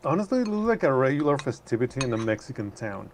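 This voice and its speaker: A man's voice: medium pitch, sing-song, fast, a little hiss or hum. A man co-hosting a casual chat about art, giving short agreeing replies and self-deprecating asides.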